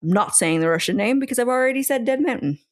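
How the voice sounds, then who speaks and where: A woman's voice: fairly high pitch, animated, quick pace. A woman co-host telling a true mystery on a casual podcast, half-scripted, with chatty asides.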